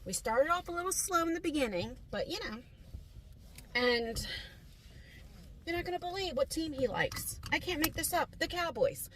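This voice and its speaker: A woman's voice: high-pitched, lively intonation, moderate pace, long pauses, a bit bright, a little hiss or hum, rough recording. Chatty middle-aged woman vlogging. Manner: chatty, rambling, confiding, many fillers. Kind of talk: casual vlog chat to camera. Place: car, then store aisles.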